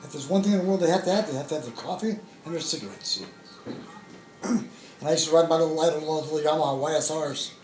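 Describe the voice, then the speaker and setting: A man being interviewed, recalling the past haltingly and repeating words as he searches for memories. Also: a little high, darkish tone, slight background noise. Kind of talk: personal recollection. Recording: roomy echo with faint music.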